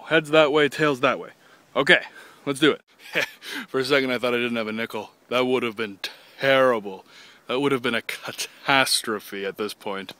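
Out by a golf course pond, a young Canadian man films a casual walking vlog on a handheld phone, rambling, joking, and swearing now and then. His voice is medium in pitch, with a pushed, bright quality.

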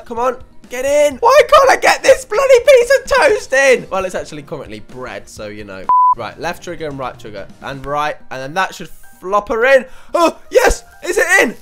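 Young guy yelling at a game, really high bright voice, bouncing all over the place. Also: huge pitch swings, normal speed, faint music behind. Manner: shouty, panicky, swings between yelling and muttering. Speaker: gaming YouTuber. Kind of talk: excitable let's play commentary.

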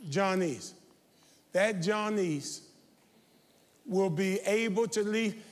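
A man preaching a sermon as pastor, talking straight to his congregation and building to shouted, confrontational calls. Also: high voice, takes it slowly, pauses often. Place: large church sanctuary. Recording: reverberant church sanctuary.

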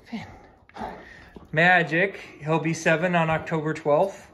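A man's voice: fairly high pitch, flat delivery, slow pace, pushed and bright, a little hiss or hum. A man hosting a dog vlog at home, chatting fondly and repeating commands to his dogs in the yard and house. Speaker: dog channel host. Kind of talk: casual vlog talk.

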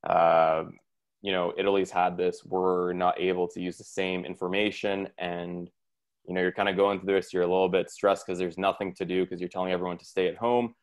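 A man's voice: deep voice, little pitch movement, a little fast. A man hosting a podcast interview, asking rambling questions full of fillers. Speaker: podcast host.

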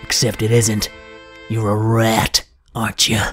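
A man playing a suspicious police officer who talks in a slow, deadpan, accusing way in improvised comedy role-play. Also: lowish voice, soft background music.

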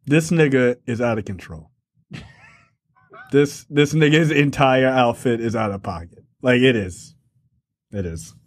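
A man's voice: mid-range voice, measured pace, long pauses, no echo, clean studio sound. A man co-hosting a podcast, joking and laughing while reviewing a film. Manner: animated, joking and laughing often. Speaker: podcast co-host. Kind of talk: casual film review chat.

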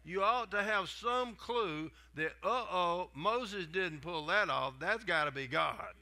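An older man, his voice notably bright and somewhat high for a man. He talks in a folksy, conversational way, tossing in asides and restarting sentences as he goes. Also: lively intonation, slow pace. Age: 70s. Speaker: guest preacher. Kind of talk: sermon.

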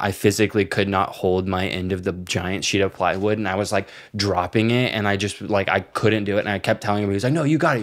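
Low-voiced young man telling a rambling story. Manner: profane, rambling storytelling with many fillers. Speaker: podcast co-host. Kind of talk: casual podcast chat.

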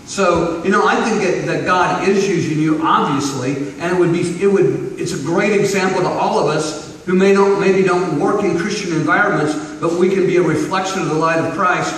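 A man's voice: high voice, normal speed, hardly any pauses, a bit bright, distant mic. Affirming male host, echoey hall. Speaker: interviewer. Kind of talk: interview hosting.

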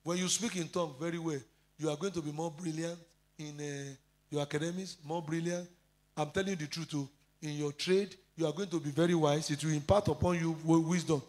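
A man's voice: a little high, steady tone, brisk, a little mellow. A pastor preaching a sermon, citing scripture verses and his own testimonies, with frequent fillers.

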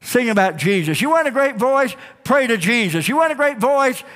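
A man's voice: very high voice, big pitch swings, normal speed, a bit bright. A man preaching a sermon as pastor, emphatic with repeated call-and-response phrases. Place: church sanctuary. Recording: long reverb of a church sanctuary.

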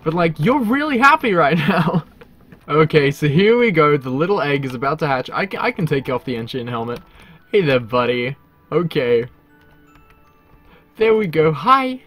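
An excitable man narrating his game in a lively, bouncy voice that sits a little high. He laughs often and chats to the creatures on screen, with faint music playing underneath. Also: moderate pace. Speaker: gaming channel host. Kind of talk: casual gameplay commentary.

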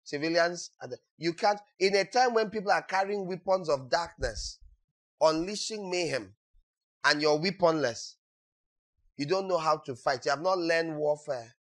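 A man preaching a sermon as pastor, acting out quotes and breaking into sudden shouts. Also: a little high, moderate pace.

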